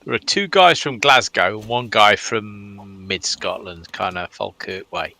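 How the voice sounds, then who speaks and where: Gravelly, blunt English man. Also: on the low side, a little slow, pushed and bright. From England. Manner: blunt, swearing, laughing often. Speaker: gamer. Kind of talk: casual gaming chat over voice comms.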